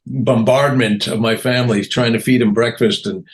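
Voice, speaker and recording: A man's voice: medium pitch, fairly even intonation, normal speed. A man in his sixties, a comedian guest in an interview, telling anecdotes animatedly, acting out quotes and often laughing. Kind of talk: casual interview storytelling.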